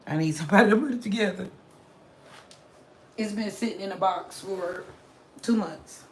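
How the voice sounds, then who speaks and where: A hoarse woman chatting casually with viewers on a home live stream from a small room, greeting them in many languages. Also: medium pitch, normal speed, a little hiss or hum. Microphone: phone camera. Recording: roomy home recording.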